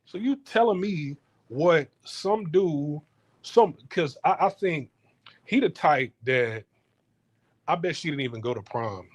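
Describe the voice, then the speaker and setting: A man's voice: on the high side, lively intonation, takes it slowly. Profane heated man ranting. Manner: profane, heated, repeats and restarts words. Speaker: podcast host. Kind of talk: casual ranting monologue. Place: home in Houston.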